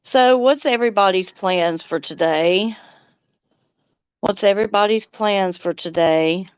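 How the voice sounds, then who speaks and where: A middle-aged woman from Louisiana with a Southern accent, chatting casually on a livestream and reading comments, slow and drawling, laughing often. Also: mid-range voice, clear, resonant tone, no room sound, dull audio. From Louisiana, United States. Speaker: livestream host. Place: outdoors on a front porch swing.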